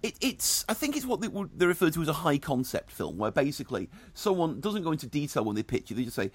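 A middle-aged man trades film and music verdicts in casual radio chat. His delivery is dry and sardonic, with a lively, swooping pitch. The sound is close and dry, with no room around it. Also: fast talker, hardly any pauses, husky, no room sound.

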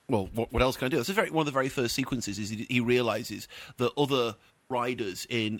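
A man's voice: fairly low pitch, a bit bright, no echo. Dry, scathing male film critic. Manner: scathing and opinionated. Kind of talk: casual radio chat reviewing a film.

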